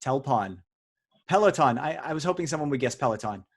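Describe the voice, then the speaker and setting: A man's voice: medium pitch, lively intonation, brisk, husky. A man hosting a live online word quiz over a video call, chatty and teasing as he jokes with the players. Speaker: quiz host. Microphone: video call audio.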